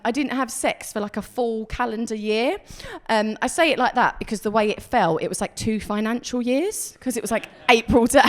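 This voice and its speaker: A woman performing a stand-up comedy set on a club stage, chatty and self-deprecating, acting out the voices of people she quotes. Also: fairly high pitch. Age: 30s.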